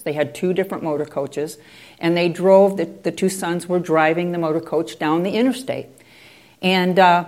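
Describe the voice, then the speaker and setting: A woman's voice: on the low side, darkish tone. A woman telling a story in a conversational way, with digressive asides. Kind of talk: oral storytelling.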